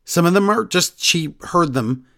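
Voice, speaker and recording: A man co-hosting a wrestling podcast in casual chat, animated and rattling off news in quick bursts. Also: high-pitched, vocal fry. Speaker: podcast co-host.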